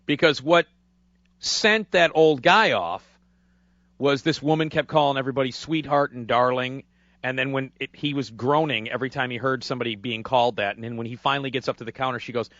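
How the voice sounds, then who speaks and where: A man from hosting a radio show, telling a rambling story in a casual, animated way. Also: medium pitch, a little fast, dry recording, lo-fi sound. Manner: animated, rambling, acts out voices. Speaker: radio host. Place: radio studio.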